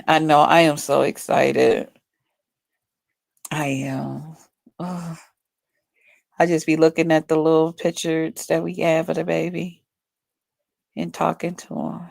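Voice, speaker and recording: A woman with a low, gravelly voice rambles loosely to her stream viewers, cursing freely as she talks straight to them. She sounds like she is chatting from home into a phone. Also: level tone, measured pace, pauses often, a little mellow, dry recording. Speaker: livestreamer. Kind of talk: casual livestream chat.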